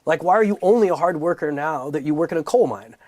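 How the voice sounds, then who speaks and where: A man raised in Los Angeles, a comedian guest telling stories with animated, punchy comic emphasis in a candid interview. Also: on the high side, fast talker, no echo. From United States, raised in Los Angeles.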